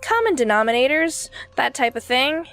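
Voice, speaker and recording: A woman's voice: sits high, sing-song, moderate pace, a bit bright, no echo, full character voice. A woman reading the lines of a weary male wanderer from a dream game, in an offhand, matter-of-fact way.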